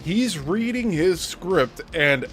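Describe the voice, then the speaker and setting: A man's voice: sits high, expressive, takes it slowly, a bit bright, faint music behind. A man hosting a show, giving critical, explanatory commentary on a script. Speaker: host.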